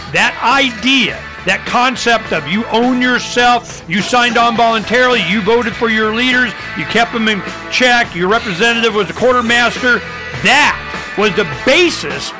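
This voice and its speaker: A man telling history in a casual, animated way, acting out quotes and using many fillers. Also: sits high.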